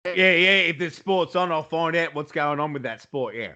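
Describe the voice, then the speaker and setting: A man's voice: fairly high pitch, lively intonation, moderate pace, sharp tone. A man with an Australian accent, co-hosting a casual podcast chat over a video call and swearing freely as he talks sport. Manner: sweary, blokey banter. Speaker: podcast co-host. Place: home, lives in Iowa.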